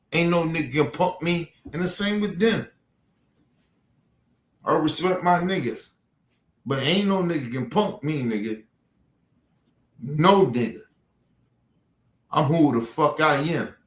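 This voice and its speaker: In an echoey room, a man hosting a livestream launches into an angry, profane rant full of threats. His voice sits a little high, and he speaks unhurriedly with long pauses, his heated monologue circling back on itself repeatedly.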